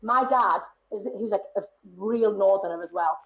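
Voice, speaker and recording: A woman's voice: mid-range voice, moderate pace, highs cut off. A woman in her thirties with a Northeast English accent, chatting animatedly as a podcast guest and laughing often. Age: 30s. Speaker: guest performer. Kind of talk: casual podcast chat.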